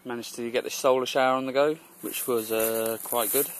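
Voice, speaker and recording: A man's voice: mid-range voice, steady tone, brisk, a little hiss or hum, rough recording. A young man chatting casually to a camera outdoors while on a cycling trip, rambling and laughing as he goes. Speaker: cycle tourer. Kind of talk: casual travel vlog. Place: outdoors on a mountain road.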